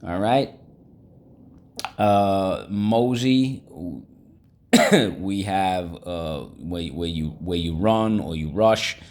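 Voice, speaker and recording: A man's voice: fairly low pitch, a little mellow. A man teaching a vocabulary lesson, upbeat and coaxing, repeating each word for students to echo.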